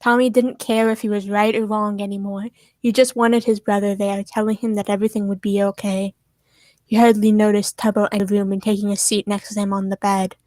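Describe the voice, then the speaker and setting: A woman reading fan fiction aloud to friends on a stream, steady and soft in the sad parts. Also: mid-range voice, no room sound.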